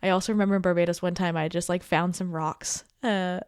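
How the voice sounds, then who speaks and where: A woman's voice: fairly low pitch, steady tone, fast, a little mellow, smooth, no echo, studio quality. A woman in her thirties hosting a casual podcast as a coach, encouraging and chatty, often checking in with "okay?" and "right?". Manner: chatty with laughs and asides. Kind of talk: casual heartfelt podcast talk.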